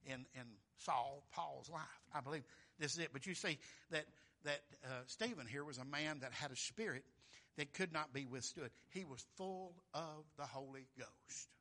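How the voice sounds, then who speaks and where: A man's voice: moderate pace, pushed and bright. A man preaching a fervent, folksy sermon. He surges in force on key phrases and calls out "Amen?" to the congregation. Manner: fervent, surging in pitch and volume on key phrases.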